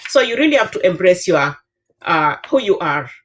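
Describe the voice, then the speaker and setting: A woman's voice: on the low side, big pitch swings, normal speed. Kenyan woman in her fifties advising. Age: 50s. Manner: earnest, advising, many filler uhs. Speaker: professor. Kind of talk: panel discussion answer.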